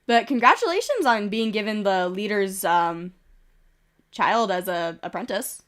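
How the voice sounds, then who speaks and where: Through a desk microphone, a medium-pitched woman gives casual live-stream commentary on a game at a measured pace with lively intonation. She reads events aloud, adds chatty asides, giggles, and coughs through her congestion.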